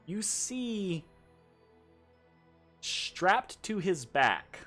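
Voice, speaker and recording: Male game master, slow and animated, chatty with laughs, faint music underneath. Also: high-pitched. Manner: chatty, laughing, lots of fillers and restarts. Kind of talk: narrating a tabletop game.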